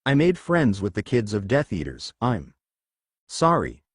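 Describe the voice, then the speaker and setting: A man's voice: fairly low pitch, huge pitch swings, unhurried, slightly rough, no echo, studio quality, heavily acted. A man reading the lines of a distraught grieving schoolboy wizard, tearful and apologetic.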